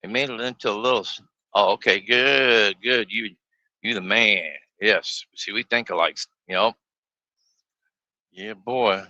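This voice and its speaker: Folksy grumbling trucker man, bright voice. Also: on the low side, a little slow, dry recording, highs cut off. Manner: folksy, grumbling, laughs often. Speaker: truck driver streaming live. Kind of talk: casual live-stream chat. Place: inside a semi truck cab.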